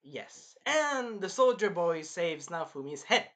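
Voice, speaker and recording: A man's voice: high voice, slow, hardly any pauses. A young man casually reviewing an anime episode, rambling and swearing, now and then acting out the characters. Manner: rambling, profane, animated, acts out the characters. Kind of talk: casual reaction commentary.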